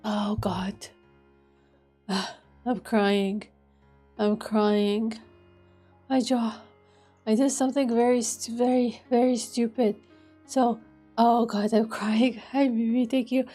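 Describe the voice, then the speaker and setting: A woman streamer with a higher-pitched voice chats in an unhurried, drawn-out way, rambling and laughing at herself. Her nose is stuffy, which colors her speech. Faint game music plays behind her. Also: steady tone, dark tone, slightly rough. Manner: giggly, rambling, self-deprecating. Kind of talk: casual live-stream chat.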